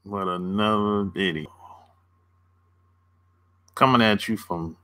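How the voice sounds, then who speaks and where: Male dating coach, unhurried delivery with a bright edge, relaxed chat style answering viewers. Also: lowish voice. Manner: laid-back, chuckles often, answers chat by name. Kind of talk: casual livestream chat with viewers.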